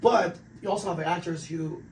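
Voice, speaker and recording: A man hosting a casual podcast chat, throwing in quick slangy interjections and casual swearing. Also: fairly high pitch, steady tone, echoey room, recorded from a distance, slight background noise, rough recording. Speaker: podcast host.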